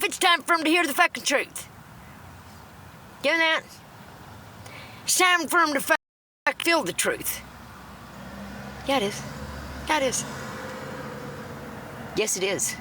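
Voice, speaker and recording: Parked in her car, a middle-aged woman rants into her phone on a TikTok livestream, blunt, profane, and rambling. Her voice is very high with a sharp tone.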